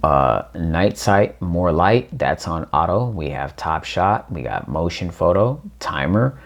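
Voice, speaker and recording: Deep, gravelly man walking through phone settings. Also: very animated, slow, muffled recording. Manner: reads on-screen prompts aloud, thinking out loud; addresses viewers as ladies and gents. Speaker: tech reviewer. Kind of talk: casual unboxing walkthrough.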